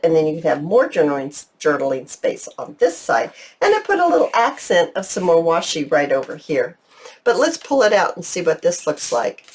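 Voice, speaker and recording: A woman's voice: fairly low pitch, a little mellow. A middle-aged woman hosting a casual craft tutorial, gushing with enthusiasm and talking straight to her viewers. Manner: gushing, enthusiastic, talks to viewers as "you guys". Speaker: crafting channel host.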